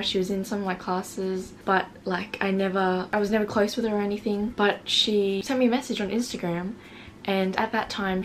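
Teen girl vlogger, casual storytime, self-mocking, chatty, filler words, faint background noise. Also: medium pitch. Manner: reads out old messages in put-on voices.

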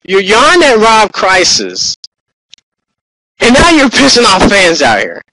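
A man doing play-by-play wrestling commentary, excitable and repeating himself as he talks over his partner. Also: high voice, slow, no echo, rough recording.

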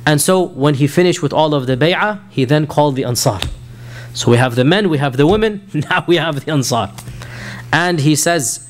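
A man's voice: a little high, moderate pace. A man with an American accent giving a recorded lecture, explaining earnestly and rising to emphatic rhetorical questions. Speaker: Islamic lecturer.

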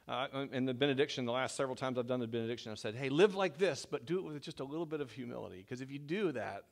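A middle-aged man preaches a sermon in a church. His voice sits at an ordinary mid pitch, and he speaks in a relaxed, conversational way. He jokes at his own expense and often repeats words as he restarts his sentences. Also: racing, gravelly. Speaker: pastor. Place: church sanctuary.

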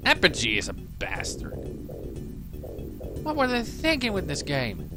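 A man doing a let's play commentary, grumbling and mumbling to himself and bursting into shouted curses. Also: fairly high pitch, huge pitch swings, measured pace, music in the background. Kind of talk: frustrated gameplay commentary.

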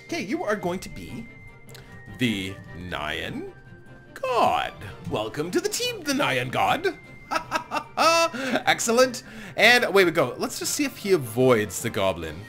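A man's voice: high voice, wildly swooping pitch, slow pace, bright, forceful tone, soft background music. A man hosting a let's-play, chatty and self-mocking, often apologizing and laughing as he plays. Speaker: gaming channel host. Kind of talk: casual let's-play commentary.

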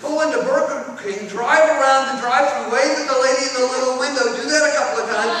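A middle-aged man giving an animated storytelling talk at a conference, sometimes shouting out parts of his stories. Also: very high voice, fast talker, hardly any pauses. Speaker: conference speaker. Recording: echoey hall from far off.

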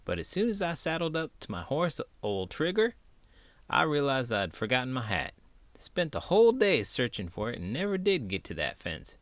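A man voicing an easygoing old-time cowboy with a put-on Western drawl and a folksy, unhurried way of telling a yarn. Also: medium pitch, wildly swooping pitch, fairly bright tone, no echo, voice pushed up. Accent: American Western drawl, put on. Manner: folksy drawl, slow storytelling.

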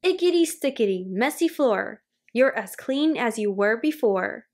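A woman voicing an eager, cheerful little girl witch who chants rhyming spells in a bright, excited way. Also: on the high side, unhurried. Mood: chanting spells.

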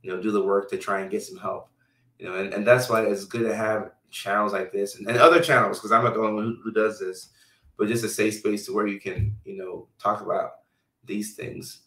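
Man, low voice, loose chatty host, live stream reading comments, roomy echo, distant mic. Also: fairly even intonation, fairly quick, pushed and bright. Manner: loose and chatty, lots of fillers. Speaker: health care provider hosting a live stream.

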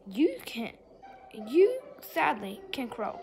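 A young female gamer talks through her gameplay in a high, wildly swooping voice. She takes her time, then erupts into excited shrieks. Quiet game music plays faintly behind her. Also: slow pace, long pauses. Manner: excitable, shrieks and exclaims often. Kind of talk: gameplay commentary.

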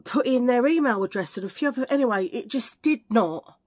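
A woman's voice: a little high, lively intonation, a little fast, darkish tone, breathy edge. Rambling, chatty woman. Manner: rambling, chatty, jumps between tangents. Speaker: vlogger. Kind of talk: casual chat to camera. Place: at home filming under a ring light.

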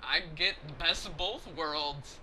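A man's voice: on the high side, measured pace, pushed and bright, a little hiss or hum. A man giving casual, jokey commentary while playing a video game. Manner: jokey, goofy. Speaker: let's play host.

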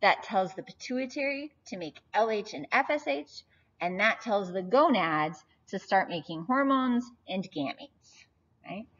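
A woman's voice: medium pitch, animated, unhurried, a bit bright. A woman in her forties giving a recorded anatomy lecture, chatty and often checking in with "right?". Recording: slightly dull, lo-fi audio.

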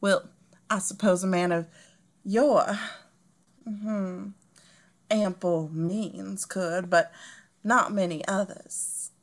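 Eine Frau, die eine tratschende, snobistische Erbin mit dickem Südstaatenakzent in einer komödiantischen Lesung spricht. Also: female voice, medium pitch, steady tone, takes it slowly, long pauses. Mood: gossipy, gushing. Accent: Southern US. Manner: chatty, affected, gossipy. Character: gossipy, snobbish Southern heiress, woman. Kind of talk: comedic table read.

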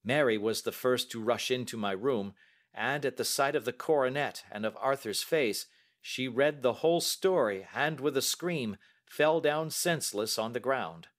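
A man narrating a story for English learners at a measured, deliberate pace. His voice sits at an ordinary middle pitch. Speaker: story reader.

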